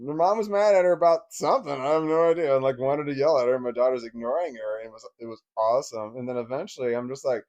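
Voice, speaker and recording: A man's voice: mid-range voice, rapid-fire, few pauses, darkish tone. Rambling, cursing storyteller man. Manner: rambling, swears freely, many restarts, laughs while telling. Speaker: divorced father telling a story. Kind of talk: casual personal storytelling.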